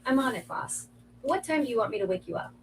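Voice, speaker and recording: A synthetic female voice playing a sassy home smart-speaker assistant, teasing with quick comebacks through a speaker. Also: a little high, animated, distant mic. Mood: chirpy. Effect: played through a home smart speaker. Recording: noisy smart speaker across the room.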